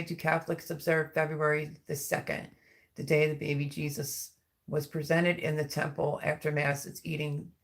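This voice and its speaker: A woman's voice: low voice, fairly bright tone. A middle-aged woman hosting a live stream, chatting casually and rambling as she reads viewer comments aloud. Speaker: livestream host.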